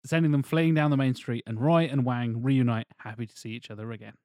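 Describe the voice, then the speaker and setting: A man's voice: mid-range voice, fairly even intonation, fairly quick, a little mellow, no echo, clean studio sound. A man co-hosting a casual podcast, reading a plot aloud with wry, teasing asides. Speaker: podcast co-host. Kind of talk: casual chat.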